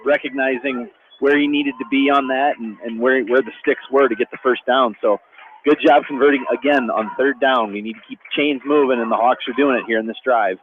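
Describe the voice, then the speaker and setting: A man giving relaxed, analytical color commentary on a high school football game, heard over a tinny radio line with faint hiss. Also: a little fast.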